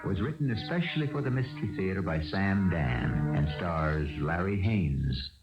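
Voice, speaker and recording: A man hosting a radio mystery drama, with measured, grave scripted narration. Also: low voice, animated. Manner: measured, grave storyteller delivery. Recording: roomy, dull old radio recording with music.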